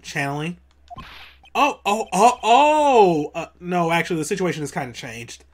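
Wry young male lawyer, lowered and dry, as a woman reads him. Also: expressive, normal speed. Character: young male defense attorney, wry and puzzled.

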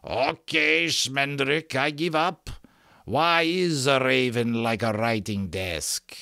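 A man voicing a brutish male carnival thug with a gritty, grating voice and slow, menacing drawl. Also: mid-range voice, vocal fry, sharp tone, dry recording, studio quality, voice pushed up, heavily acted. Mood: mocking.

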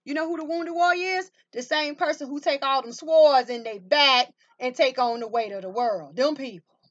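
High-voiced woman giving a tarot reading. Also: normal speed, dull audio. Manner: emphatic, repeats rhetorical questions to viewers; calls viewers baby and honey. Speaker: tarot reader. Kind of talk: tarot card reading to camera.

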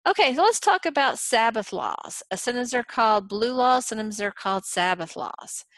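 A woman's voice: a little high, expressive, moderate pace, fairly bright tone, no echo. A middle-aged woman from Texas, a college instructor giving a recorded lecture in a chatty, playful way with many fillers.

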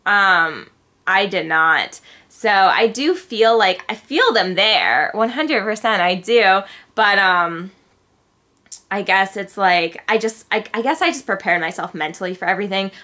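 A woman's voice: mid-range voice, animated, unhurried, pushed and bright. A young adult woman chatting casually to camera in a vlog, talking freely and filling her sentences with little filler words. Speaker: vlogger.

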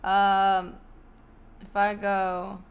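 A woman's voice: medium pitch, monotone, drawn-out words, smooth, highs cut off. A young woman chatting casually on a live stream from her bedroom, swearing and thanking subscribers while fighting hiccups. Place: home bedroom.

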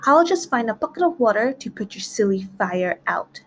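A woman's voice: fairly high pitch, very animated, moderate pace. A woman voicing a sly, greedy male wolf in a storybook read-aloud, coaxing in her own middle voice.

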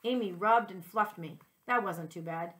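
A woman, a second-grade teacher, reading a children's chapter book aloud in a gentle, clear way, with small slips she corrects. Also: mid-range voice, moderate pace.

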